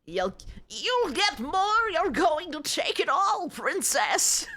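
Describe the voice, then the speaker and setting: A woman putting on the voice of a domineering old man lover, low and slow. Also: very animated, bright, forceful tone, full character voice. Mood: teasing.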